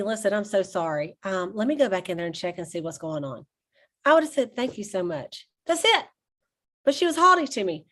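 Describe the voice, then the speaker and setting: Chatty woman telling stories. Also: medium pitch. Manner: chatty storyteller, addresses listeners as y'all, laughs often. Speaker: sales team leader. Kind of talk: casual talk on a team call.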